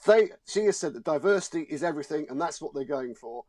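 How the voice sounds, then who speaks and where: Animated and fast, a male showbiz journalist guest argues indignantly and emphatically in a studio discussion, repeating his words. His voice is on the high side and a little mellow, and the recording is dry.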